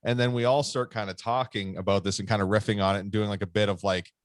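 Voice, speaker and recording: Low-voiced man telling a rambling story. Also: steady tone, fast, no room sound, studio quality. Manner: rambling, lots of fillers and swearing. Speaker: podcast co-host. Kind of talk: casual storytelling chat.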